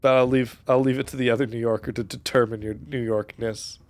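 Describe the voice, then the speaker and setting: A man's voice: medium pitch, fairly even intonation, fairly quick, darkish tone, soft background music. A man with a neutral American accent running a tabletop game on a live stream, joking, swearing and laughing often. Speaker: game master. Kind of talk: casual banter on a stream.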